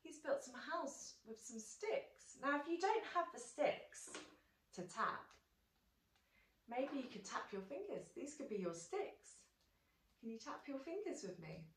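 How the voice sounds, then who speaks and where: A woman leads a toddler music session, singing her instructions and coaxing the children along. Her voice sits high and moves slowly. She is recorded from across a roomy, echoing space with ukulele music behind her. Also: big pitch swings, slight background noise. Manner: sing-song, coaxing and encouraging. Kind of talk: sung movement session for toddlers. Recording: echoey room from a distance.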